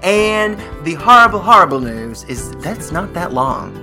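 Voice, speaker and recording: A man co-hosting a comedy podcast, brisk and emphatic in his bits. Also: high voice, sing-song, bright, forceful tone, faint music behind. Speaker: co-host.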